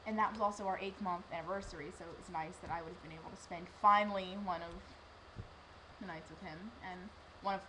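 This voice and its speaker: A woman's voice: on the low side, fast, noisy background. Rambling teenage girl telling a story. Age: teens. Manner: rambling, emotional, lively with acted-out quotes. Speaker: vlogger. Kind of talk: personal storytelling vlog.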